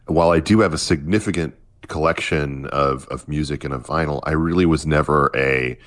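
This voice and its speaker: A man with a very low, deep voice talks through a casual music conversation. He circles his points with fillers and repeated starts, sounding relaxed and unscripted. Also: fairly quick. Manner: hesitant, many restarts and fillers. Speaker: podcast co-host.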